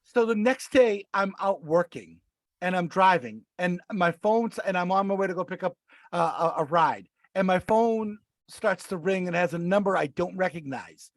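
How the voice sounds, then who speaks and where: A man co-hosting a podcast, telling a long story in casual chat, animated and acting out the voices he quotes. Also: sits high, moderate pace, dry recording. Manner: animated, acts out quoted voices, many restarts. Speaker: podcast co-host.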